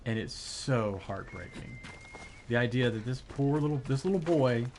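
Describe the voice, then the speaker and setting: A man talks casually to his chat while he plays, rambling along with plenty of fillers and restarts. His voice sits at an ordinary middle pitch. A faint noise hums behind him. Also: animated, normal speed, a little mellow. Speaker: live streamer.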